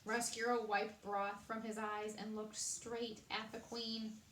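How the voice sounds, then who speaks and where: A woman reading a children's story aloud in an animated way, adding chatty asides to her listeners, in a roomy space. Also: fairly high pitch, takes it slowly, a little hiss or hum. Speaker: storybook reader. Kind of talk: read-aloud narration with commentary. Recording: roomy echo.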